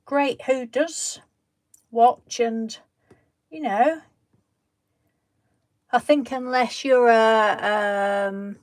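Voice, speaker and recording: A woman hosting a craft live stream. She chats casually, greets viewers and answers them from the live chat, and reassures them gently, often trailing off mid-sentence and starting over. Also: a little high, fairly even intonation, drawn-out words, pauses often.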